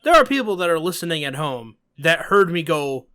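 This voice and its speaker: A New York man hosting a podcast, his high, bright voice swinging up and down as he talks. He is emphatic and animated, and he throws in sarcastic asides in casual chat. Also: brisk. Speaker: podcast host.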